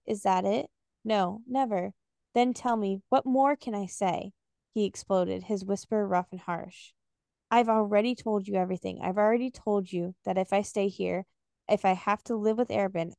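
A woman's voice: mid-range voice, vocal fry, darkish tone, clean tone, dry recording, clean studio sound. Podcast woman reading a novel aloud. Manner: recaps and reads passages aloud with fillers. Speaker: podcast co-host.

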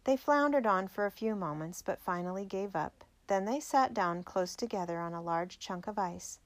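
Woman reading a biography aloud, steady and clear, middle pitch. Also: no echo. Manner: measured, clear storytelling. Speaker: narrator.

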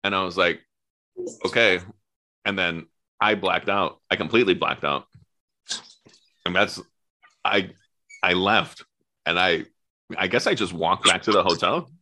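Podcast co-host, male, deep but bright, easygoing recap of events. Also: measured pace, pauses often. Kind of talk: casual storytelling chat.

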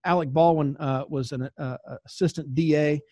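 A man with a Southern accent trains insurance agents in a relaxed, conversational way. His voice sits a little high, and he slips into acted-out exchanges with clients. The recording is dry and close. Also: normal speed, no echo. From American South. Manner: conversational, acts out client dialogues. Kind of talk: sales training talk.

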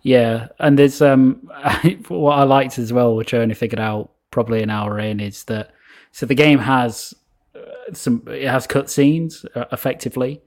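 A man co-hosting a casual game chat, hesitant with many ums and trailing off quietly. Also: medium pitch, moderate pace. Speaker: podcast co-host.

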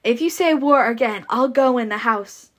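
Woman reading a bored spoiled southern belle, highish voice, drawl barely there. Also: normal speed, lightly acted. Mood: bored, petulant. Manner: read plainly with a half-tried drawl.

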